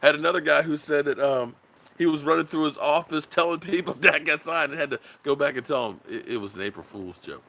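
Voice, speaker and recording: A man's voice: a little high, fairly quick, vocal fry, sharp tone. A man hosting a casual sports livestream, rambling loosely, reading viewer comments aloud and swearing bluntly. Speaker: sports channel host.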